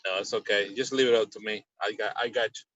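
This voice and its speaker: A man hosting a casual podcast chat in a relaxed, sometimes sarcastic manner. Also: on the low side, quick pace, no echo. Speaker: podcast host. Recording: slightly dull, lo-fi.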